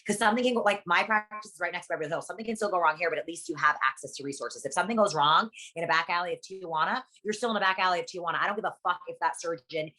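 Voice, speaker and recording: A woman's voice: fairly low pitch, pushed and bright. A young woman from Guatemala, a guest in a casual interview, talking bluntly and emphatically with plenty of swearing. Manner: blunt, profane, rapid-fire and emphatic. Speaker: interview guest, plastic surgery practice worker.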